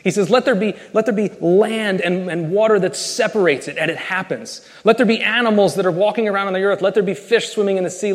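A pastor giving an emphatic, earnest sermon and reading scripture aloud. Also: male voice, fairly high pitch, darkish tone, in a large hall. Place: church sanctuary.

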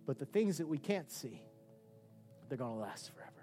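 A man preaching a sermon with passion, swinging between loud outbursts and hushed, quiet stretches. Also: on the high side, big pitch swings, brisk, long pauses, soft background music. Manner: impassioned, swinging from shouts to hushed tones.

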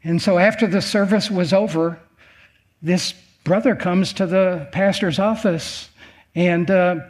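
Male preacher with a high voice, emphatic sermon storyteller who repeats lines for weight. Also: steady tone, unhurried. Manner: emphatic, repeats phrases for effect.

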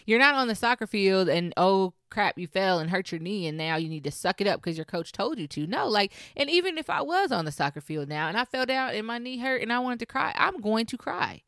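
A woman's voice: sits low, expressive, brisk, creaky, a bit bright, dry recording, studio quality. A young woman hosting a solo podcast, talking casually and emphatically as she encourages her listeners. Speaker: podcast host.

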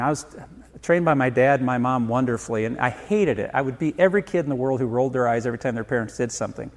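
Middle-aged guy pastor giving a sermon, kinda high-ish voice, chatty, keeps asking the crowd stuff. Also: darkish tone. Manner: conversational preaching, asks the room questions and acts out family quotes.

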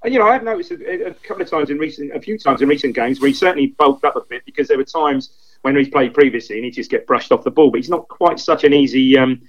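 Fast-talking man on a dull lo-fi line. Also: mid-range voice. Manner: rambling, repeats himself, quick enthusiastic recollection. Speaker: guest pundit. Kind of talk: casual football chat.

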